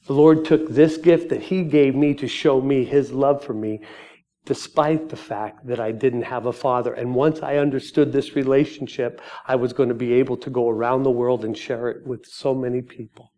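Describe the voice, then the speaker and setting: A middle-aged man giving a sermon testimony, moving from quiet reflection to fast, excited storytelling. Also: mid-range voice.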